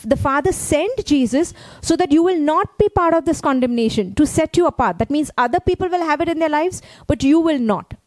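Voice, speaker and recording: A woman's voice: sits high, animated, fairly quick, few pauses, darkish tone, no echo. A woman pastor preaching a sermon in a conversational way, often checking in with her listeners. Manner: conversational preaching, frequent "okay?" check-ins.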